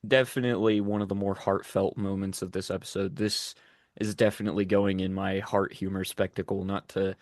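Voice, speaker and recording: A laid-back young man co-hosting a rewatch podcast, with a somewhat low voice recorded dry and close. He restarts his sentences often and drops casual swears as he talks. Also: little pitch movement, brisk, darkish tone, dry recording. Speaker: podcast co-host.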